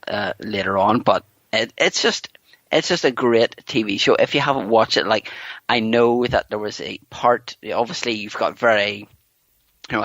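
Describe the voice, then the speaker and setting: Hombre de voz grave, charla divagante. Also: male voice, on the low side, fairly bright tone, no room sound. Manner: rambling, full of "you know" and restarts. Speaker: podcast guest. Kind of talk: casual podcast chat. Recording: dull lo-fi dry recording.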